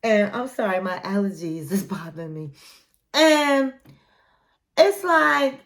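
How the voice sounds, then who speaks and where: A woman's voice: a little high, takes it slowly. A woman hosting a casual reality-TV recap, chatty and opinionated, retelling scenes as she goes. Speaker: recap channel host.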